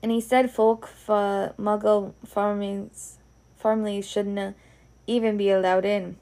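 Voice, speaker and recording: A Scottish woman reads a children's story aloud in broad dialect. Her voice is gravelly and her pace slow and deliberate, at a middling pitch. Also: level tone, dark tone. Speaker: reader. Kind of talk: storybook reading.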